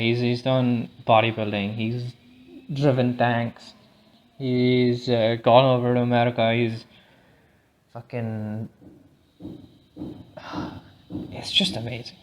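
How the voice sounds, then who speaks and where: A man talks alone on a podcast, thinking out loud. He drifts from thought to thought, cursing freely and stumbling into restarts as he goes. The tone is a loose, unscripted chat. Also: mid-range voice. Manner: rambling, profane, restarts often. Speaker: podcast host. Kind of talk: casual solo podcast monologue. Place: lives in India.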